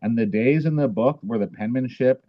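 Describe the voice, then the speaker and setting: A man's voice: medium pitch, normal speed, highs cut off, a little hiss or hum. A man guest in a casual interview, talking in a rambling way with many fillers and restarts. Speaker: podcast guest, author.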